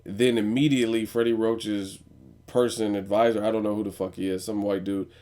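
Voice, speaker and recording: A man's voice: on the low side, flat delivery, brisk, mellow. A young man giving a blunt, profane, opinionated commentary as a vlogger host. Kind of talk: casual news commentary.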